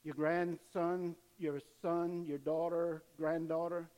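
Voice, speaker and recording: Casting: older male pastor, high-pitched, animated sermon, church hall echo. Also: takes it slowly. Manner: animated preaching, acts out cheering fans.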